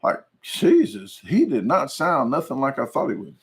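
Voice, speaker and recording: A man's voice: medium pitch, very animated, normal speed, a bit bright. A man hosting his channel, chatting casually and rambling through viewer comments with frequent jokes and laughs. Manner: rambling, jokey, laughs often. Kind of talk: casual livestream chat.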